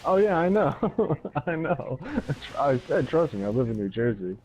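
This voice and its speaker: A man's voice: on the high side, sing-song, a little slow, lo-fi sound, a crowd in the background. A man chatting casually with teammates in an online game, telling stories loosely and laughing often. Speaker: co-op player. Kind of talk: casual gaming chat.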